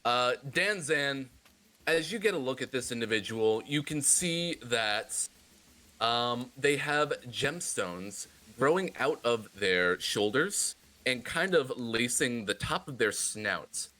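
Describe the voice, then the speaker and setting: Bright-voiced man running a tabletop game. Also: mid-range voice, expressive. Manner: descriptive and playful, slowing down for dramatic detail. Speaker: game master.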